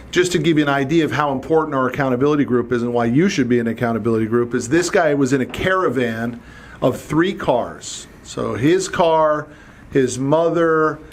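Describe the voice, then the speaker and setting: A man's voice: mid-range voice, a little hiss or hum. A middle-aged man hosting a solo podcast, talking bluntly and with animation, swearing casually. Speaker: podcast host.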